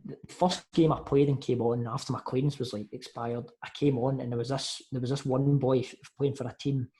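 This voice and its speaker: A young Scottish man tells football stories in a casual, chatty podcast. He talks in a lively way, calls people mate and acts out what others said, at a middle pitch. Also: fairly quick. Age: young adult. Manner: lively anecdotes, says mate a lot, acts out quotes. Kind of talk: casual storytelling chat.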